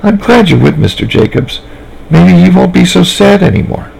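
A man's voice: sits high, lively intonation, normal speed, gravelly, darkish tone, breathy edge, pitched above the performer's own voice, full character voice, poor audio. A man reading a story aloud, voicing a cheerful, trusting little girl in a sweet, eager child voice. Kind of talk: fan fiction reading aloud.

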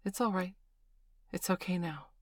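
Wry, blunt female teacher, read by a woman, low dry voice, gentle under the edge. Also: moderate pace, no room sound, close to an everyday voice. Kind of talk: audiobook character voice.

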